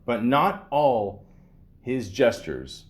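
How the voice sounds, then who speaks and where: A man's voice: mid-range voice, very animated, drawn-out words. A man hosting a podcast, reading a script with sarcastic, joking asides. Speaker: podcast host.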